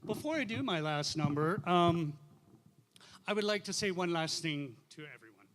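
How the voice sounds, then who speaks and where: A man's voice: fairly high pitch, expressive, normal speed, background noise. A man performing stand-up comedy and comic drinking songs, teasing the crowd live on stage. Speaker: comedian and singer.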